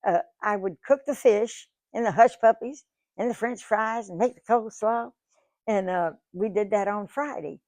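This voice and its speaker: Lady in her 90s spinning old stories for a crowd, gravelly voice, dry close sound, keeps restarting her words. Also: medium pitch, normal speed, a little mellow, no echo. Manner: chatty, folksy, repeats words and restarts often. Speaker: guest speaker, singer. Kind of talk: storytelling to a live audience. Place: museum lecture room.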